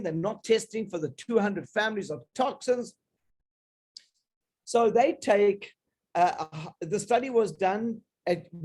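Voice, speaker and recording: A man's voice: sits high, a little mellow. A man giving an emphatic, persuasive talk on health supplements to an audience, with frequent restarts.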